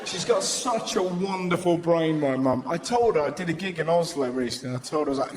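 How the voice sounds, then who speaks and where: A man with an English accent doing a live stand-up routine, telling stories in a cheeky, animated and sweary way in a large venue. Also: a little high, fairly quick, hardly any pauses. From England. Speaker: stand-up comedian. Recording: echoey arena with loud crowd.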